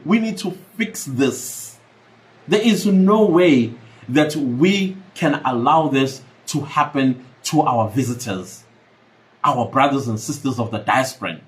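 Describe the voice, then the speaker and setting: A man's voice: medium pitch, expressive, unhurried, low-quality recording. A South African man hosting a podcast, giving emphatic commentary and repeating his points for emphasis. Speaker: podcast host. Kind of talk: reaction commentary.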